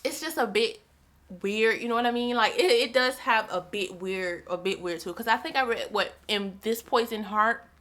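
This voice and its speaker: A woman's voice: on the high side, normal speed, fairly bright tone. A young woman vlogging about books in casual chat, chatty and repeating herself with lots of fillers. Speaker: book vlogger.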